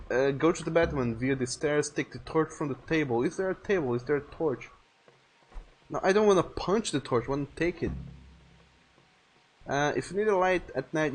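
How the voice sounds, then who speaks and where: A man's voice: fairly high pitch, husky. A man streaming a video game live, chatting casually, reading viewer messages aloud and swearing freely.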